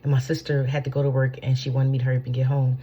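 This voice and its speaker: A woman's voice: a bass voice, level tone, racing, mellow, breathy edge, muffled recording. A woman giving a casual spiritual teaching from home, rambling and swearing freely, often checking in with her listeners. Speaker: spiritual channeler.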